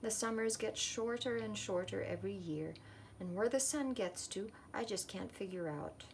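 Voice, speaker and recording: A woman's voice: medium pitch, moderate pace, vocal fry, slight background noise, pitched above the performer's own voice, close to an everyday voice. A woman voicing a grumbling, fussy old man who lives in a currant bush, in a storybook reading.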